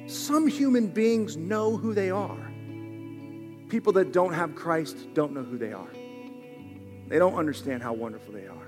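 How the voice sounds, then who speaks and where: A man with a high voice preaches a sermon. He drops to soft, low lines and then climbs to loud, driving passages. The long hall reverb carries faint instrumental music under him. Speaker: pastor.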